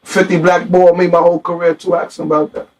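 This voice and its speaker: Defiant storytelling man, slightly high voice. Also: fast, distant mic. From Queens, New York. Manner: animated street storytelling, slangy and defiant. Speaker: guest. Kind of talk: candid heated interview.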